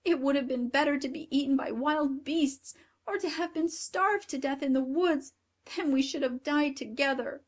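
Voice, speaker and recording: Woman doing a high-voiced little girl. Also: expressive, moderate pace, few pauses. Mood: earnest. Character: young girl, frightened then joyful. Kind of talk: storybook reading.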